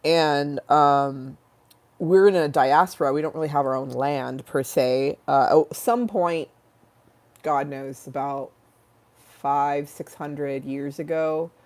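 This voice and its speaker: A woman from the United States hosting a casual livestream, hoarse after a flu, rambling and joking, swearing freely and drifting into tangents. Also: low-pitched, slow pace, darkish tone. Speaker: livestream host.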